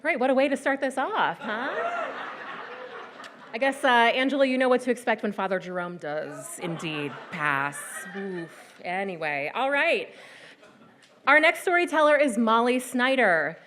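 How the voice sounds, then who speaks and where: Wry woman host with a higher voice. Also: animated, unhurried, a little hiss or hum. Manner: casual, wry asides. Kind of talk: live event hosting.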